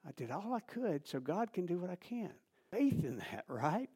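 A man preaching a sermon, animated and repetitive, building emphasis and dropping to soft asides. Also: sits high, moderate pace, slightly rough. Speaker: pastor.

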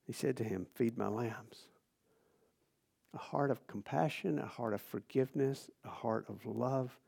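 A man preaching a sermon in a casual, conversational way, swinging between loud emphasis and hushed near-whispers. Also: medium pitch, moderate pace, gravelly, slightly rough. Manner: casual, conversational phrasing with restarts.

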